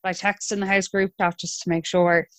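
A young Irish woman in her twenties, telling her own story in a relaxed, chatty way with hesitant restarts. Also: fairly low pitch, fairly quick, no room sound. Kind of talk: conversational storytelling.

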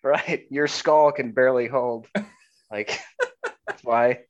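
A man's voice: mid-range voice, fairly even intonation, slow, lo-fi sound. A man co-hosting a casual podcast, teasing his partner and joking, with lots of fillers and restarts. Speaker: podcast co-host.

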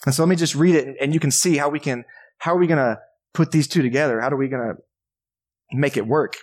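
In a church sanctuary, a Texan pastor delivers a casual, joking sermon at a quick pace in a medium-pitched voice. He preaches conversationally and acts out voices from the congregation.

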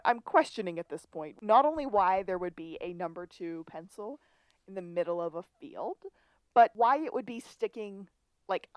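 A woman's voice: mid-range voice, darkish tone, dry recording. A woman co-hosting a podcast, walking through the episode's plot in casual chat. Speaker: podcast co-host.

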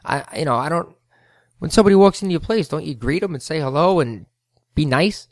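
A man's voice: a little high, animated, fairly quick, dry recording, studio quality. A man hosting a podcast, telling a rambling story with heated asides. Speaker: podcast host, float center owner. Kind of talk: casual storytelling monologue.

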